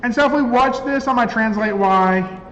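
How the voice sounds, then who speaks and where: High-voiced man teaching in an echoey classroom. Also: normal speed, fairly bright tone, slight background noise. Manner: conversational, checks in with "right?" often. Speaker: instructor. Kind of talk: classroom software lecture. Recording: roomy classroom, dull lo-fi sound.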